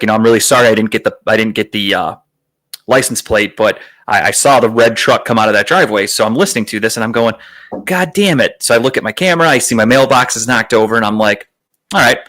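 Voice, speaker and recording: A man's voice: fairly low pitch, a bit bright. A young adult man from Northeast Ohio, host of a podcast, telling a rambling, self-deprecating story in casual talk, swearing often. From Northeast Ohio, USA.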